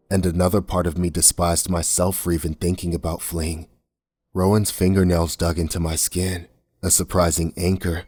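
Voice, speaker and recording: A man reading a horror story aloud in a somber, measured way. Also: deep voice, darkish tone, no room sound. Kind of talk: scripted horror narration. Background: faint music.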